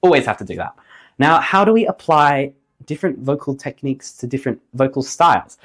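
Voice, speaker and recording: A man giving a singing lesson to camera, upbeat and jokey, his voice slightly hoarse after the flu. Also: medium pitch, lively intonation, a little fast, fairly bright tone. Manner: upbeat, jokey, emphatic on key points. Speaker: singing teacher.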